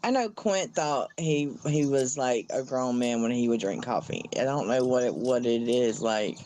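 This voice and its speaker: A man's voice: mid-range voice, a little mellow, rough recording. A man chatting casually on a livestream, having just woken up, rambling loosely. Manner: loose rambling talk, drawn-out pauses.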